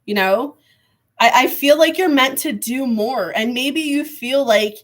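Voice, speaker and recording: Fairly high-voiced woman reading tarot live. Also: a little slow. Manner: rambling, hesitant, many fillers like "um" and "like". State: losing her voice, clearing her throat. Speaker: tarot reader.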